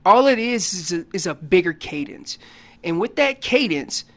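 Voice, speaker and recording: On this instructional radio interview, the guest is a man who champions elk calling, and he explains the craft with animated, casual, loosely structured speech. Plain teaching alternates with brief performances of the animals' sounds, and his pitch leaps up and down throughout.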